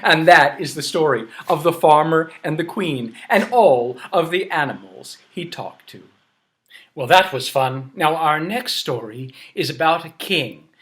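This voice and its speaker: A male storyteller telling children's stories, animated and inviting listeners to repeat lines. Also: fairly high pitch, unhurried.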